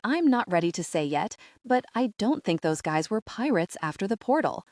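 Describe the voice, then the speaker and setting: A woman voicing a calm, measured young woman. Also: mid-range voice, dry recording, studio quality, lightly acted.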